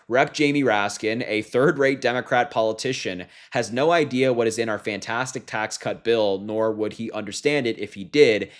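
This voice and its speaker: A young man giving casual political commentary, sarcastic and incredulous, often laughing at what he reads. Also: mid-range voice. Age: young adult.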